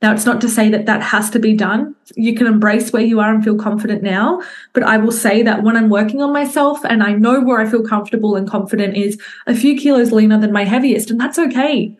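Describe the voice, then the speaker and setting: A woman's voice: on the high side, fairly even intonation, a little fast. A young woman, a fitness coach talking candidly to her group on a video call, swearing casually and speaking straight to her listeners.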